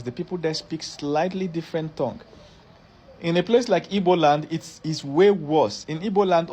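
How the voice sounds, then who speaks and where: A man's voice: fairly high pitch, darkish tone, a little hiss or hum. A middle-aged man, explaining a topic step by step and often repeating or rephrasing his phrases for emphasis. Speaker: educator. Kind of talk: explanatory lecture.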